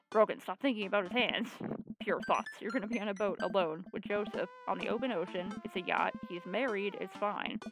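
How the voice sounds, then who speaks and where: A woman streamer reading a video game aloud and playing it, with playful joking asides. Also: medium pitch.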